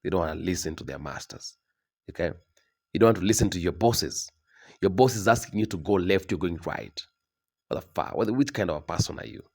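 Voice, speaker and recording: Guy ranting, lecturing and repeating points, lowish voice that swings all over. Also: expressive, brisk. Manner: emphatic, repetitive, lecturing with frequent "okay?" tags. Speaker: commentator. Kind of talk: opinion monologue.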